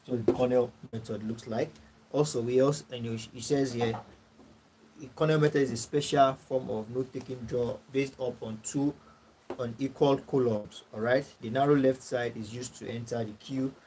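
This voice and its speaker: Man, Nigerian English accent, classroom lecture, repetitive, throat-clearing, faint background noise. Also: medium pitch, steady tone, normal speed, mellow, rough recording. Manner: repetitive, checks in with "all right" and "you know". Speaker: course tutor.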